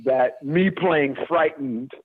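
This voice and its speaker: A man from the US Deep South, an actor being interviewed, talking candidly and emphatically, swearing and laughing as he makes his points. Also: slow, breathy edge, dry recording. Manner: emphatic, profane, laughs while making points. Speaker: actor guest. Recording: tinny phone-line sound.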